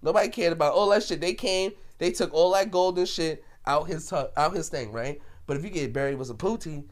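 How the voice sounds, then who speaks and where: A man co-hosting a podcast in casual chat, loud and joking, swearing freely. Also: a little high, brisk. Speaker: podcast co-host.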